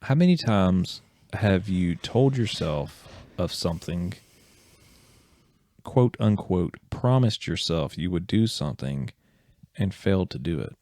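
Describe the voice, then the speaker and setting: A man's voice: low voice, expressive, unhurried, darkish tone, no room sound. A man co-hosting a casual podcast, talking in a rambling, encouraging way and often correcting himself. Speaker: podcast co-host.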